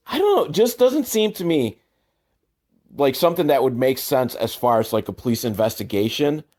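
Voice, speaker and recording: Casting note: male host, mid-pitched, sarcastic rambling movie riffs, lots of "like" and "um". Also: darkish tone. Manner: rambling, sarcastic, self-deprecating asides. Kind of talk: casual comedic movie commentary.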